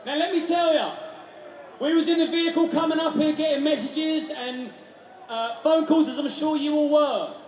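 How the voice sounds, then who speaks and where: High-voiced man rousing a rally crowd. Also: moderate pace, darkish tone, highs cut off. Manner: jokey, crowd-rousing, chants into the mic. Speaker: rally compere. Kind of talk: shouted rally speech. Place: outdoor street rally. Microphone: handheld mic over a PA. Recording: echoey PA in a noisy street crowd. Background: crowd noise.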